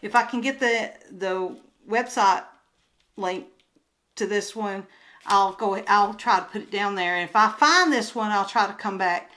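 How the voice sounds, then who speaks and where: An older woman with a Southern US accent, chatting casually to camera while unboxing crafts, rambling and often trailing off into soft murmurs. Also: mid-range voice, unhurried, low-quality recording. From Southern United States. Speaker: crafts vlogger and booth vendor. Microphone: handheld phone camera.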